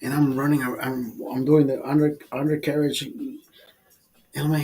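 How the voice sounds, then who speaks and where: Husky guy rambling and cussing thru a story, bit high pitched, quiet music behind. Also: flat delivery, normal speed, low-quality recording. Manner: rambling, profane, repeats himself. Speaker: vlogger. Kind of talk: casual storytelling while drinking.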